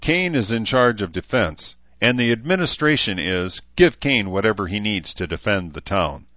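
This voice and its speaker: A man voicing a steady middle-aged leader who speaks calmly and plainly. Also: fairly low pitch, normal speed, no room sound, highs cut off. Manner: calm, businesslike.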